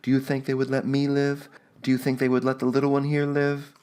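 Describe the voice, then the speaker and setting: A man's voice: medium pitch, monotone, fairly quick, darkish tone, clear, resonant tone, pitched above the performer's own voice, natural voice. A man voicing a desperate young mother who urges her husband to flee, pressing him with hard questions. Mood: urgent pleading.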